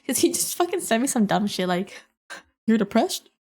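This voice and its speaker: A woman's voice: a little high, sing-song, fast talker, breathy edge. A woman in her twenties hosting a podcast, chatting casually with profane, slangy banter and frequent laughter. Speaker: podcast host. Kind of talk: casual chat.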